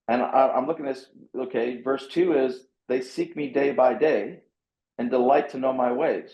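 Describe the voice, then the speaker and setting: A man's voice: medium pitch, normal speed, a little mellow, reverberant, poor audio. A man, a pastor and author, animatedly telling a story and reading scripture aloud, acting out his own reactions with a self-mocking humor.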